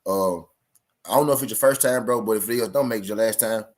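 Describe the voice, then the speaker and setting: A man's voice: lowish voice, brisk. A man with a Southern US accent hosting a live boxing talk stream, in loose, profane, repetitive casual chat aimed at his viewers. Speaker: boxing talk show host.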